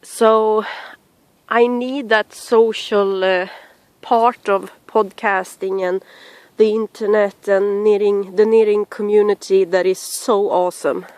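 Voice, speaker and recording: A tearful woman speaking haltingly to her podcast listeners from home, sighing and restarting as she talks. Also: mid-range voice, steady tone, darkish tone, no room sound. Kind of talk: personal message to camera.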